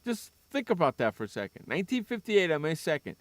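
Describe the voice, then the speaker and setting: A fairly high-voiced man hosting a sports radio talk show. He teases his co-host in loose, joking chat and repeats himself for laughs. The sound is dry and close, with no room echo. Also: very animated, fast, few pauses. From San Diego. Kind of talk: casual chat.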